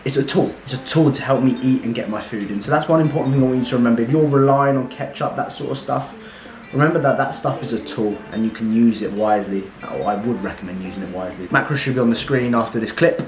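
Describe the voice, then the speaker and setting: A young man with a mid-range voice talks through his meal in a casual, sweary vlog. He sounds blunt and chatty. The sound is roomy, with music clearly playing underneath. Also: medium pitch, fast. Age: young adult. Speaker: fitness vlogger.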